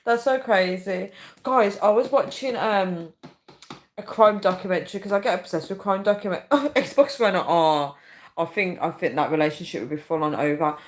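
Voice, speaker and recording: A woman's voice: on the low side, normal speed. Casting: young woman, chatty livestream host, breaks into shrieking laughs. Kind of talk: casual livestream chat reading comments.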